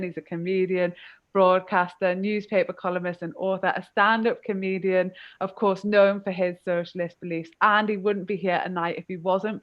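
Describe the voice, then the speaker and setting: Female host, earnest and rallying, lower voice, lo-fi stream sound. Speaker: fundraiser host. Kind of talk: event hosting appeal. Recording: dull lo-fi stream audio.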